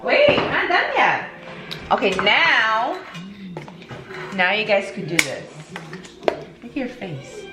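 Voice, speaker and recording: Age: unknown. Sex: woman. Role: mom vlogger baking with her toddlers. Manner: coaxing, quick instructions, laughing. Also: on the high side, huge pitch swings, roomy sound, over music. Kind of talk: casual chat with her toddlers while baking. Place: home kitchen.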